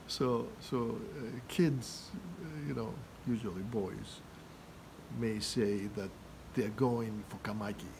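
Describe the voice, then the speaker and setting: A man's voice: fairly low pitch, normal speed, gravelly, noisy background. A man teaching words and phrases in a loose, chatty way, full of fillers and restarts, who chuckles at his own examples. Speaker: language teacher. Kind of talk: casual vocabulary lesson.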